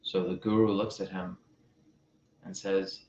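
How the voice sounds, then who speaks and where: A man who is a relationship coach, telling a parable and giving advice in a deliberate way, with pauses and repeated phrases. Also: sits low, level tone, a little mellow. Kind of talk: storytelling advice talk. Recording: roomy, slightly dull sound.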